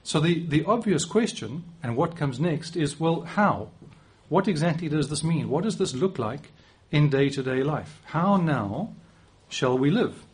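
A man's voice: a little high, expressive, measured pace, hardly any pauses, darkish tone, husky. A man in his forties with a South African accent, giving a conversational sermon with occasional restarts and light self-deprecating humor. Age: 40s. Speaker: preacher.

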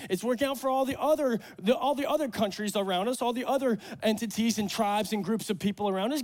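A man preaching a sermon at a church service, animated and joking, acting out the voices in the Bible stories. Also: sits high, a little fast. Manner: animated, acts out Bible voices, jokes with congregation. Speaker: pastor.

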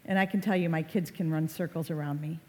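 A woman's voice: low voice, steady tone, fast talker, darkish tone. A woman who works as an online safety educator, talking to parents in a conversational way and acting out short quoted lines. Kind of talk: talk to parents. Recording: reverberant hall.

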